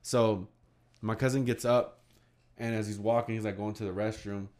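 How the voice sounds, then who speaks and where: A young man telling a story casually among friends, animated and swearing, acting out the quotes. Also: fairly low pitch, normal speed.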